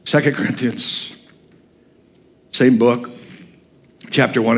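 A middle-aged male pastor preaching a folksy, animated sermon in a church and quizzing the congregation as he goes. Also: medium pitch, unhurried, long pauses. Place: church sanctuary.

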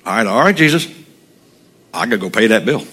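Bright-voiced blunt, joking preacher. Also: male voice, lowish voice, brisk, slightly rough. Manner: animated, humorous storytelling, blunt. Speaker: pastor. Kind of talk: sermon.

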